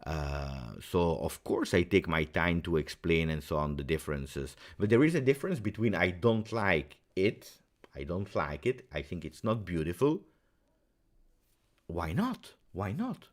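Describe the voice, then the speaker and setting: A man's voice: deep voice, very animated, measured pace. A man with as his hosting a casual pregame football talk, emphatic and angry, repeating phrases for stress. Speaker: football channel host.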